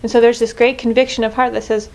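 A woman's voice: fairly high pitch, flat delivery, fast, darkish tone. A woman leading a group prayer reflection in an earnest way, often restarting and correcting herself mid-sentence. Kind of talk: spoken reflection on scripture.

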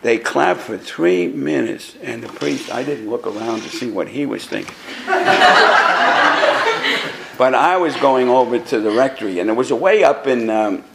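Blunt gravelly old preacher, 80s. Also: male voice, mid-range voice, a little fast, few pauses, very noisy. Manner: rambling, blunt, repeats words as he restarts. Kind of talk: anecdotal talk to a live audience.

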